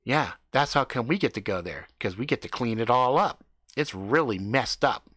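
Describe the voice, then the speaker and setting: A man's voice: mid-range voice, expressive, fairly bright tone, no room sound, clean studio sound. A man voicing a laid-back, streetwise teenage boy who drawls his words. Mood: matter-of-fact. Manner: slow, drawn-out, full of "like".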